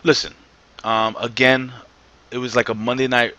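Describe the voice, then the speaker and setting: Bright-voiced, opinionated male wrestling host. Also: mid-range voice, little pitch movement, normal speed, dry recording, highs cut off. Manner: enthusiastic, opinionated, many fillers and restarts. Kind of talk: casual review chat.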